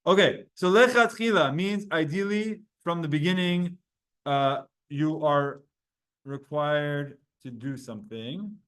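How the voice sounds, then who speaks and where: Man, Talmud teacher, rather high voice, upbeat and brisk, video-call class. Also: smooth. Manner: energetic, quick, asks the class questions.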